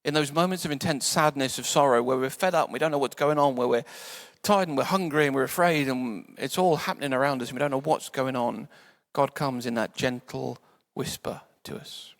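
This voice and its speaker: A man preaching a sermon in a church, conversational and playful, sometimes dropping to soft quiet tones. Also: medium pitch, fast, few pauses. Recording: church hall reverb.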